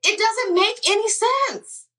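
A woman's voice: very high-pitched, slow pace, bright, forceful tone, distant mic. A woman hosting a career advice talk, frank and sassy, asking rhetorical questions and acting out what people say. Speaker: podcast host giving career advice. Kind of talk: candid advice monologue.

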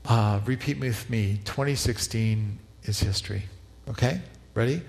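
Pastor preaching in a reverberant hall. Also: male voice, fairly low pitch, a little slow, creaky, a little mellow. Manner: reflective, leads congregation in repeated prayer. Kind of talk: sermon.

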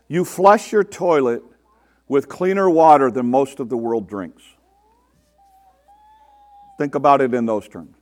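A man's voice: medium pitch, unhurried, pauses often, darkish tone. A man preaching a sermon to his congregation in a conversational way, asking rhetorical questions and mimicking the people he quotes. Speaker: pastor.

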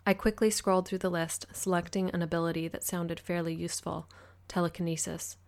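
Woman, audiobook narrator, first-person story, measured delivery, lowish voice, gravelly. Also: level tone, a little mellow.

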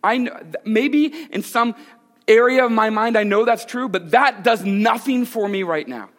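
A man pastor preaching a sermon in a conversational way, with dramatic swings between loud and hushed. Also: high voice, normal speed. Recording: echoey hall.

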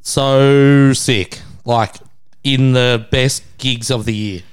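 A man's voice: medium pitch, steady tone, very slow, clean tone. A man in his thirties with an Australian accent, co-hosting a casual podcast, crude and laughing, acting out the people in his stories. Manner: crude, laughing storyteller who acts out quoted voices. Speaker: podcast co-host.

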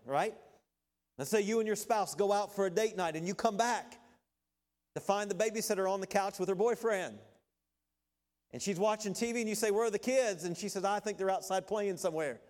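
Middle-aged pastor guy with a high voice, chatty sermon, lots of little asides. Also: darkish tone. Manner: conversational preaching with asides and illustrations.

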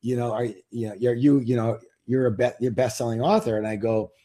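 A man's voice: mid-range voice, fairly even intonation, brisk, dark tone. A man, an author, talking as an interview guest in a casual, emphatic, salesy way, firing rhetorical questions at listeners.

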